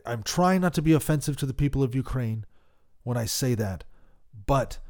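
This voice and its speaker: Heated man on a podcast. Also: mid-range voice. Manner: passionate, swings between loud outbursts and quiet worry. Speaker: podcast host. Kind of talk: opinionated political commentary.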